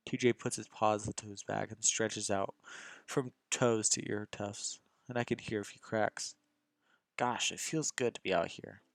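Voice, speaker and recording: A young man narrates a visual novel in the first person, in a fairly low voice. He reads casually, tripping over words and restarting lines as he goes. The sound is dry and close to the mic. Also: creaky, clear, resonant tone, dry recording. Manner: casual, stumbling reading with restarts. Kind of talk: amateur visual novel reading.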